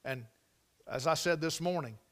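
A man preaching a sermon, telling the story dramatically and swinging from loud exclamations to near whispers. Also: fairly high pitch, moderate pace.

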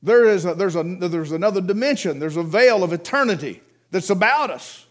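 A man preaching a sermon, telling Bible stories, acting out the quoted voices and dropping to a hush for emphasis. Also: high voice, big pitch swings, brisk, few pauses.

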